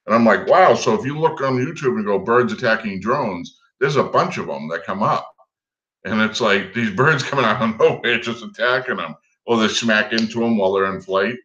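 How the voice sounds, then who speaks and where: A man's voice: fairly low pitch, normal speed, a bit bright, highs cut off. A man guesting on a casual livestream chat, telling rambling stories and chuckling as he goes. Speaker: guest drone hobbyist.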